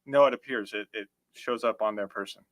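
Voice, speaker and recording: A man's voice: lowish voice, fairly quick, dry recording. A man co-hosting a casual chat show about magic, who rambles, restarts his sentences and laughs easily. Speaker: podcast co-host.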